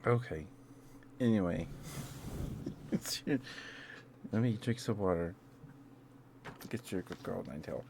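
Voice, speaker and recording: A man's voice: sits low, moderate pace, gravelly, long pauses, background noise. A man streaming ASMR, chatting casually in a rambling, self-interrupting way with chuckles between thoughts.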